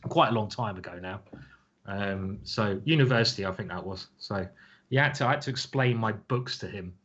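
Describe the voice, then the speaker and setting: A man's voice: lowish voice, moderate pace, fairly bright tone, muffled recording. A man in his forties chatting casually to his live-stream viewers as a chess commentator, rambling and jokey, often chuckling at his own stories. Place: home streaming setup.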